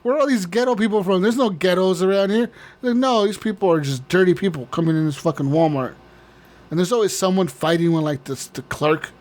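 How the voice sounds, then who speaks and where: A man co-hosting a casual podcast, ranting in a profane, animated way and laughing often. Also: sits high, brisk. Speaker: podcast co-host.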